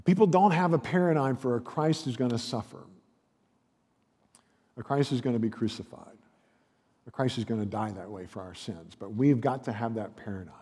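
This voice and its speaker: A man's voice: medium pitch, moderate pace, dark tone, husky, in a large hall. A man preaching a sermon as pastor, earnest and emphatic, building through rhetorical questions.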